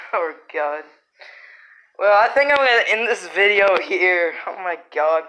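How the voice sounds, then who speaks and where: A woman's voice: lowish voice, brisk, pushed and bright, poor audio. A woman vlogging at home, exclaiming and teasing as she scolds her cat. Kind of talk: casual vlog narration.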